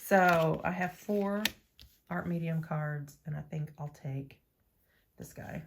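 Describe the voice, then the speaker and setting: A woman's voice: low voice, slow pace, vocal fry, slight background noise. A woman vlogging about nail art in a casual, playful, chatty way, talking to herself as she works. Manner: chatty, playful, talks to herself while working. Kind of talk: casual chat to camera.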